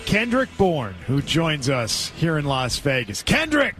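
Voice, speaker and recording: An upbeat man hosting sports radio, with a slightly raised voice as he introduces guests. Music plays clearly behind him. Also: a little high, huge pitch swings, unhurried.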